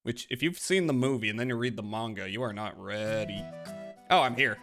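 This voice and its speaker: A man's voice: on the low side, fairly quick, a bit bright, soft background music. A man live-streaming a game, chatting casually with his viewers in a rambling, profane way. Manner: rambling and profane, talks to chat.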